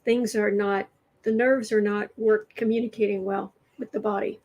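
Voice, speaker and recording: A woman's voice: medium pitch, flat delivery, a little mellow, lo-fi sound. A woman hosting a political tarot livestream, talking casually and sarcastically and laughing as she restarts her sentences. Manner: sarcastic, laughs often, speaks haltingly with restarts.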